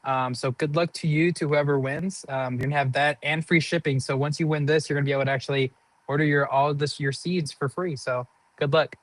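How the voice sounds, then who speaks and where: A man joins a live gardening stream as a guest and talks loosely, dropping in plenty of ums. His voice sits a little high for a man and sounds dry and close. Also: steady tone, brisk, dry recording. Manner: easygoing, filler-heavy promo talk. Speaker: guest from a garden products company.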